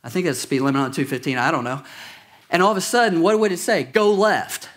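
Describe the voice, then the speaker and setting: A man's voice: fairly high pitch, expressive, racing, a bit bright. A pastor preaching a sermon to his congregation, conversational and jokey, with asides and questions to the room. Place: church auditorium.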